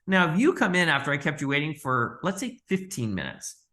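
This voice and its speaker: A bright-voiced man talks as a podcast guest, animated and chatty. He tells stories and slips into the voices of the people he quotes, often laughing along the way. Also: on the high side, fairly quick. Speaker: orthodontist guest. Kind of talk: conversational podcast interview.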